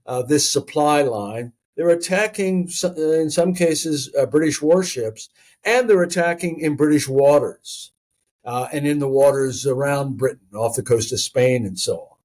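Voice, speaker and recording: Male author guest, warm mellow voice, unhurried storyteller who pauses on fillers. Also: fairly high pitch. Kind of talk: conversational history interview.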